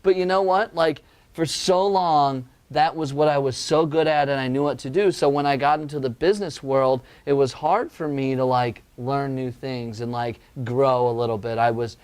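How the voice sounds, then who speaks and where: A young man co-hosting a relaxed podcast conversation. He rambles, restarts his sentences and fills them with "like" and "you know". His voice sits at an ordinary middle pitch. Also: normal speed, clean tone. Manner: rambling, many fillers and restarts, laughs easily. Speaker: podcast co-host.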